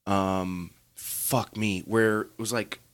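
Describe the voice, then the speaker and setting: A man's voice: on the low side, little pitch movement, takes it slowly, a bit bright, clear, resonant tone. A man co-hosting a podcast in casual chat, talkative and given to swearing. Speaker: podcast co-host.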